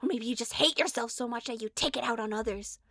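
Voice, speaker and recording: A woman's voice: a little high, fast talker, gravelly, fairly bright tone, dry recording, clean studio sound, pitched below the performer's own voice. A woman voicing an obsessive, lovestruck young woman from a game, reading her intense confessions aloud. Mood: cold.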